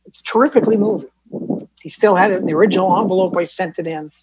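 A man's voice: high voice, fast, background noise. A man from Canada, telling a candid, self-deprecating recovery story at a support group meeting. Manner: casual, candid, self-deprecating, with fillers and restarts. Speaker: Al-Anon speaker.

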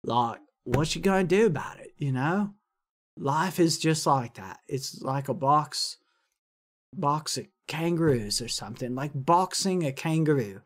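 A man's voice: a little high, expressive, a little slow. A man streaming live, chatting casually in a rambling, jokey way.

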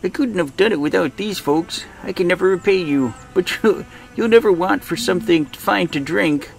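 A man voicing a folksy, grateful old man character in a video game with a high, quavering voice. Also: normal speed, vocal fry, soft background music.

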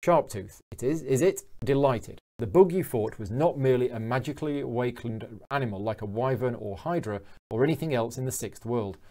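A man's voice: mid-range voice, fairly quick, few pauses, a little mellow, lightly acted. A man voicing a theatrical elf from a game who lectures with dry wit. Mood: wry.

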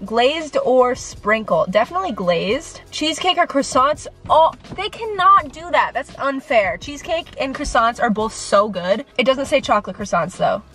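A young woman with a fairly high voice chats to camera in a rambling, self-deprecating way, nervous and sweaty. She talks from a room at home with faint music underneath. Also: fairly bright tone. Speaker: vlogger. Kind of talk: casual chat to camera.

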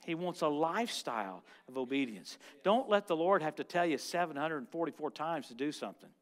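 Guy preaching a fired-up sermon, kinda high voice, goes loud then soft, tells stories. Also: a little fast. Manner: animated, swings from loud shouts to quiet asides. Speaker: guest preacher.

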